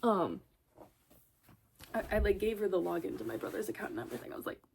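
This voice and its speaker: A woman's voice: medium pitch, very animated, rapid-fire, creaky, warm tone, slight background noise. A woman rambling casually in a vlog, chatty and swearing, often breaking into laughter. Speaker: vlogger.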